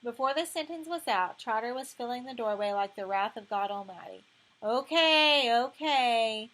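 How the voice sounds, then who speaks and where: A woman narrating an audiobook in a measured, expressive storytelling way. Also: a little high, poor audio.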